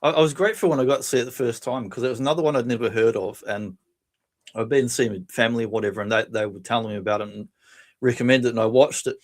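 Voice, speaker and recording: A man co-hosting a laid-back podcast. He tells stories with animated energy, laughing between lines and jumping into quoted voices. His pitch sits in the ordinary middle range for a man. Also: fast. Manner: animated storytelling, laughs often, acts out quotes. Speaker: podcast co-host. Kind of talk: casual chat.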